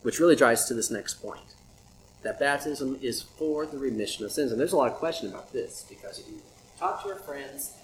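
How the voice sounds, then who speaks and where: A man's voice: medium pitch, animated, a little fast. A man preaching a sermon in a conversational way, asking many rhetorical questions. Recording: echoey room with audible background noise.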